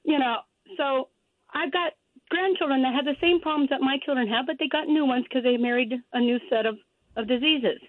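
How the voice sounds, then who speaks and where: A woman's voice: high voice, brisk, dry recording. Woman, 50s, radio caller, telephone line, dry sound, rambling, chatty. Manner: rambling, chatty, laughing as she talks. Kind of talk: call-in radio chat. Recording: tinny phone line.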